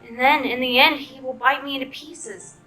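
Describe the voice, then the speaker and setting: A woman's voice: high voice, fairly even intonation, moderate pace, pushed and bright, soft background music, voice pushed up. A woman voicing an earnest young girl. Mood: pleading.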